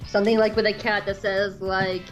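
A woman's voice: mid-range voice, flat delivery, brisk, muffled recording, soft background music. A woman co-hosting a podcast, chatting in a giggly, playful way. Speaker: podcast co-host. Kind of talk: casual podcast chat.

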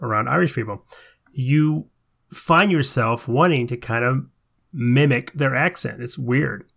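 A man's voice: mid-range voice, measured pace, gravelly, fairly bright tone. A man co-hosting a podcast in casual chat, conversational with hesitant restarts. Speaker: podcast co-host.

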